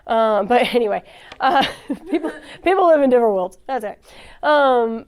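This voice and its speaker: A woman's voice: on the high side, moderate pace. Chatty, laughing woman giving a church talk. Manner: chatty, laughs often, acts out quoted dialogue. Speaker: church speaker. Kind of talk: casual sermon talk.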